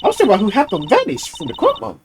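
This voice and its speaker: A woman voicing a cheerful teenage girl magician, high and bubbly. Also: wildly swooping pitch, fast talker, darkish tone, a little hiss or hum. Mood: playful.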